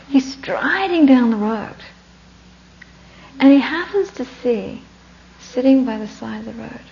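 A woman giving a Buddhist dharma talk through a story, often dropping into breathy whispers and laughing between lines. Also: medium pitch, mellow. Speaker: Buddhist teacher. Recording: dull lo-fi recording with faint hum.

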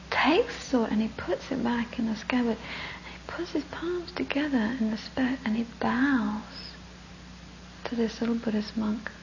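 Woman buddhist teacher telling a story, drops to whispers, gravelly voice, muffled recording with some hum. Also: on the high side. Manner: breaks into breathy whispers, laughs often, warm storytelling. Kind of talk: dharma talk with a story. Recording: dull lo-fi recording with faint hum.

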